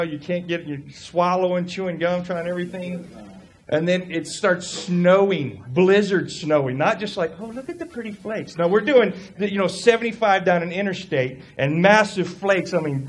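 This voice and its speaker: A middle-aged man, a pastor preaching a sermon and telling a personal story in an animated way. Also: on the high side. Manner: animated, acts out quoted voices.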